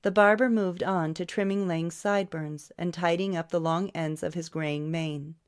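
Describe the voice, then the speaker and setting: Woman narrating an audiobook, lowish voice. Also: fairly even intonation, moderate pace, clear, resonant tone. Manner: reads every character's lines herself. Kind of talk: scripted narration.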